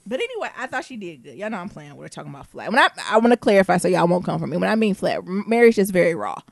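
A woman co-hosting a casual podcast chat, animated, laughing often and singing snatches of songs. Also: fairly low pitch, rapid-fire, gravelly. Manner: animated, laughing, breaks into song. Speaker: podcast co-host.

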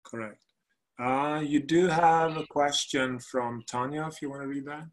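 A man's voice: a little high, fairly even intonation, a little slow. A man moderating a webinar question session, speaking in a friendly, conversational way and often repeating words as he goes. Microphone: video call.

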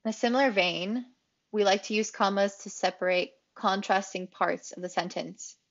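A woman English teacher explaining grammar rules in a clear, explanatory way, repeating key phrases for emphasis. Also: mid-range voice, steady tone, moderate pace, highs cut off. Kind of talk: grammar lesson.

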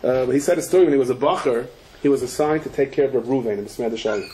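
A man, a rabbi, giving a Torah lecture full of stories and Hebrew and Yiddish terms. He tells them with animation and breaks into shouts at the punchlines. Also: medium pitch, rapid-fire, rough recording. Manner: sprinkles Yiddish and Hebrew terms, frequent restarts.

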